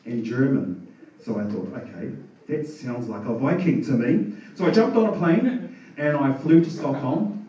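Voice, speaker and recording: A man doing stand-up in a bar, in a laid-back, storytelling way. His voice sits a bit high for a man and comes from well off the mic. The room rings with heavy echo, and faint bar noise runs underneath. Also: warm tone. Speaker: stand-up comedian. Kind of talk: stand-up comedy. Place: comedy bar stage. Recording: echoey bar room from far off.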